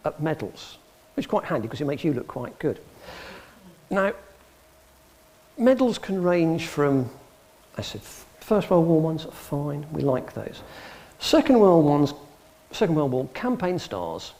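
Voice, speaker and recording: This man's voice sits on the high side and moves at a slow pace. Speaking before an audience in a public hall, he's a lively storyteller giving an anecdotal talk, acting out the people in his tales.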